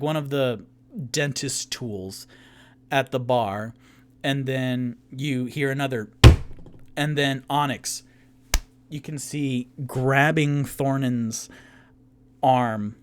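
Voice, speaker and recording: A man's voice: medium pitch, clean tone. A man narrating a solo tabletop game as dungeon master, casual and rambling, laughing at his own jokes.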